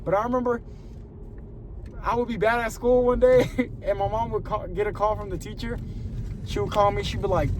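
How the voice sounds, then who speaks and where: A young man telling stories in a casual, slangy vlog, animated and laughing often, filming with his phone from his car and then inside a store. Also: sits high, moderate pace, long pauses, noisy background. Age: young adult. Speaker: vlogger.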